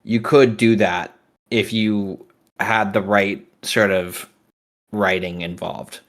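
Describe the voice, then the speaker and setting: Laid-back slow-talking man co-hosting. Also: fairly low pitch, steady tone, a bit bright. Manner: laid-back, laughs often, swears. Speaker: stream co-host. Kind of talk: casual chat.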